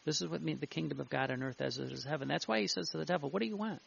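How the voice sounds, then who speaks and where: A male preacher giving a fervent devotional sermon, reading passages aloud and repeating himself, with a gravelly voice. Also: a little high, rapid-fire, a bit bright, a little hiss or hum. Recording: muffled lo-fi recording.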